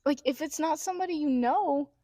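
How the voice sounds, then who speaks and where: A woman's voice: high voice, fairly quick, dark tone, dry recording. A young woman co-hosting a casual chat, reading listener stories aloud in a giggly, filler-heavy way. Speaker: podcast co-host.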